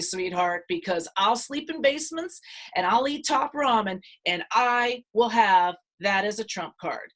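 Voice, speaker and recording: A woman tells a personal story as a podcast guest, her voice sitting a little high. She is dramatic and animated, switching voices to act out what others said. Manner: dramatic, acts out quotes with shifting voices.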